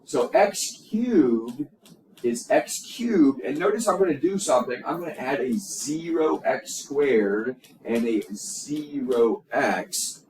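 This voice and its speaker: A man's voice: medium pitch, lively intonation, takes it slowly, a little mellow. A middle-aged man teaching an algebra lesson, emphatic and repetitive, with many fillers and restarts. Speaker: math teacher. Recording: echoey room, distant mic, faint hum.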